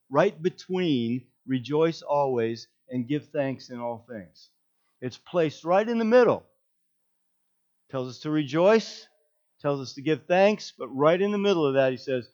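Guy preaching, lively storytelling, kinda high voice, dull lo-fi sound. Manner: animated storytelling, acts out quotes. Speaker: pastor. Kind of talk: sermon.

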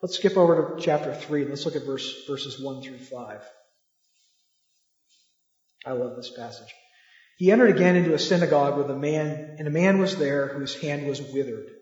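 Man, preacher, slightly high voice, conversational sermon, dull lo-fi recording. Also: normal speed, darkish tone. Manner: conversational, rhetorical questions, tags with "right?". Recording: echoey hall, dull lo-fi sound.

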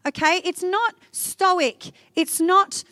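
A woman with a high, bright voice preaching a devotional message. She is animated and conversational, talking straight to her listeners. The sound is dry and close, with no room echo. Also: slow pace. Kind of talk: devotional teaching talk.

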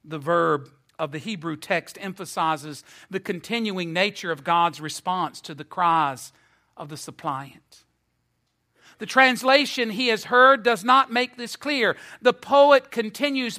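A male preacher delivers an earnest, emphatic sermon, stretching out the key phrases. His voice sits high and sounds bright and forceful. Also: measured pace.

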